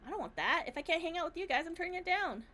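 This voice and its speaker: A woman's voice: very high voice, expressive, very fast, bright, forceful tone, full character voice. A woman voicing a hesitant, flustered teenage girl. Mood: unsure.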